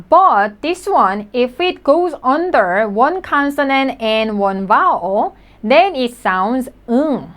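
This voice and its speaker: A woman with a slightly high voice leads a language lesson. She is patient and encouraging, saying each word slowly so learners can practice it.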